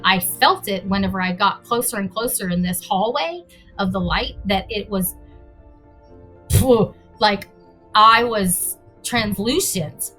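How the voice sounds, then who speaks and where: Her voice mid-range and a little bright, a woman appearing as an interview guest shares a personal story. It comes out rambling, with pauses to find words and moments where she plays out her own reactions.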